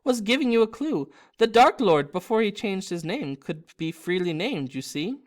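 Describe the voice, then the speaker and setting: Shrill devoted male house-elf, read by a man, high-pitched, slow, emphatic. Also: very animated. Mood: earnest.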